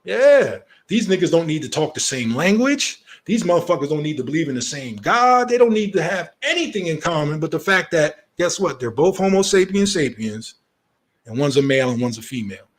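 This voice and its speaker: A man's voice: a little high, very animated, fairly quick. A man giving heated, profane commentary, firing off rhetorical questions.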